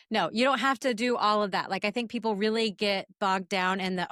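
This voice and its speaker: A woman in her forties co-hosts a casual business podcast. She tells stories in a chatty, animated way. Her voice sits in a middle register and is recorded dry and close. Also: mid-range voice, a little fast, hardly any pauses, no room sound. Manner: storytelling, chatty, animated retellings. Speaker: podcast co-host.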